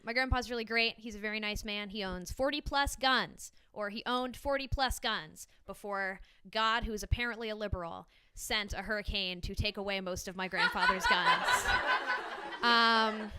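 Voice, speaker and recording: A woman's voice: on the high side, animated, moderate pace, sharp tone, a little hiss or hum. A young woman doing a stand-up comedy set before a small live audience, chatty and self-deprecating with frequent ums and laughs.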